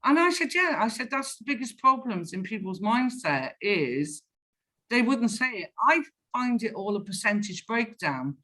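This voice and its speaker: A woman's voice: on the high side, moderate pace. A woman, a sales professional, chatting in an interview and acting out old phone calls as she tells them. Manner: animated storyteller, acts out phone calls. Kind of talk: casual interview chat.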